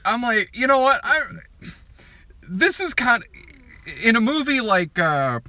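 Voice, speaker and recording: A man co-hosting a casual film review chat, animated and laughing often, swearing freely as he riffs. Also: extremely high pitch, unhurried, dry recording.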